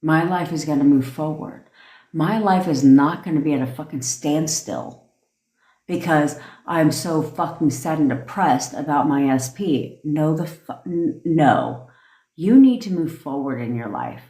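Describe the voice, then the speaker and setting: A woman's voice: low voice, expressive, a little slow, warm tone. A young woman coaching on a livestream, ranting in a blunt, profane, emphatic way. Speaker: manifestation coach. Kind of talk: livestream rant. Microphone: phone. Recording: echoey room.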